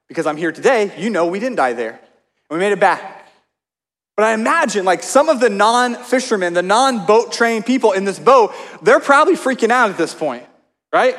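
A man's voice: high voice, animated, moderate pace, a bit bright. A man preaching a sermon, telling stories in a conversational way with asides to the congregation. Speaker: pastor. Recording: long hall reverb.

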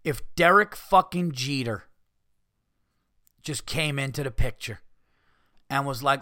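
A man hosting a podcast, ranting casually with heavy swearing and mocking people in put-on high voices. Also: takes it slowly, long pauses, sharp tone, no room sound, studio quality. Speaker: podcast host. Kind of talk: casual rant.

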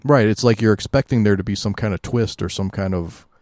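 A man's voice: fairly low pitch, fairly quick, a little mellow, dry recording. A man co-hosting a podcast who chimes in and agrees in a laid-back casual chat. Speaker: podcast co-host. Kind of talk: casual comic review chat.

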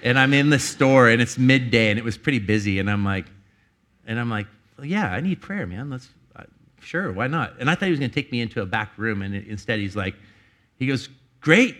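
A man's voice: mid-range voice, expressive, brisk, fairly bright tone. A man preaching a sermon, telling a personal story in a rambling way with many restarts and laughs. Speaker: pastor.

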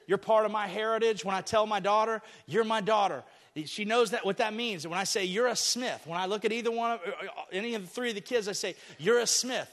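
A man with a high, lifted voice preaches to a congregation, earnest and personal, rising now and then into emphatic declarations. His words ring out with a long reverberant tail from a large church hall. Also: a little fast, a bit bright. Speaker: pastor. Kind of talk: sermon.

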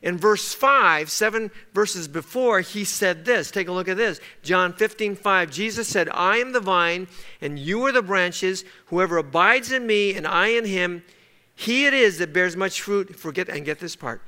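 A man's voice: high-pitched, lively intonation, measured pace, sharp tone, clean tone. A man preaching a sermon, telling a story and then pressing his point with rising emphasis. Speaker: pastor.

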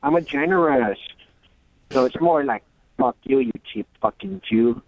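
A man's voice: mid-range voice, lively intonation, unhurried, natural voice. A man on a phone call voicing a profane, rambling male food delivery driver in a mock foreign accent. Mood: indignant. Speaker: caller. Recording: tinny phone line.

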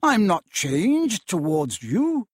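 A man's voice: high voice, huge pitch swings, slow pace, breathy edge, no room sound, studio quality, pitched above the performer's own voice, exaggerated voice. A man voicing a curt, defensive young miser. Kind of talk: dramatic reading of a classic novel.

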